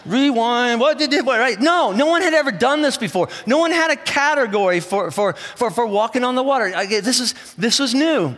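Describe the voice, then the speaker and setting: A man's voice: very high-pitched, lively intonation, a little fast, few pauses, fairly bright tone. A man preaching a sermon, telling a story with playful asides and acting out voices. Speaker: pastor. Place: large church hall. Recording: church hall with long reverb.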